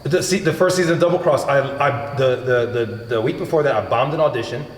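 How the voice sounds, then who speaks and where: A man hosting a podcast, telling stories in a casual, animated way, acting out quotes and swearing freely. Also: mid-range voice, fast talker. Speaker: podcast host. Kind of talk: casual chat. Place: home gym. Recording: echoey room with long reverb.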